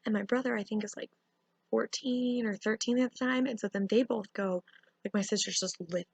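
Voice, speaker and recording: A young woman telling a casual storytime, animated and full of fillers. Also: on the high side, brisk, vocal fry, breathy edge, no echo. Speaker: vlogger.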